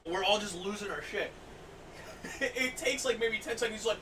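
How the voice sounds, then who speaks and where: A young man hosting a podcast, telling stories in an animated way, laughing often and loudly acting out what people said. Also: high voice, moderate pace. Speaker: podcast host. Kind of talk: casual storytelling chat. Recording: distant mic, faint noise.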